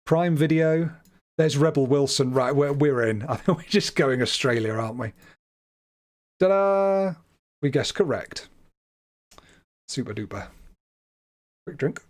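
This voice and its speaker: A man's voice: a little high, slow pace, pauses often, darkish tone. A British man giving casual, self-deprecating livestream commentary on a game while laughing often. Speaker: streamer.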